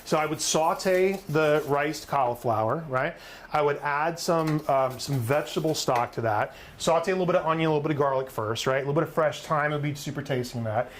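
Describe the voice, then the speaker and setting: A man's voice: on the high side, brisk, slight background noise. A middle-aged man, host of a live cook-along, talking through his recipe in an upbeat, chatty way and often asking "right?". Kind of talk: live cooking demonstration.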